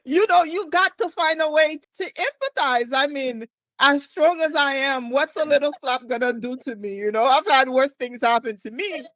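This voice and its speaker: Woman podcast host, earnest and reflective, higher voice, dry. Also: normal speed, a bit bright, no room sound. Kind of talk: casual podcast conversation.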